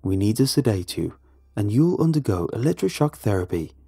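A man's voice: on the low side, very animated, fairly quick, vocal fry, dark tone, slightly rough, no room sound, studio quality, heavily acted. A man playing a stern man who gives firm instructions in a horror story. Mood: insistent. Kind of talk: scripted horror narration.

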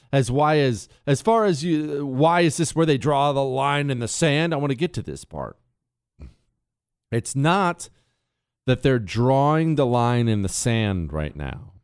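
A man giving a political commentary monologue in an animated way, acting out little scenes as he goes. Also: no room sound, studio quality. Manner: animated, swings pitch for emphasis, acts out little scenes.

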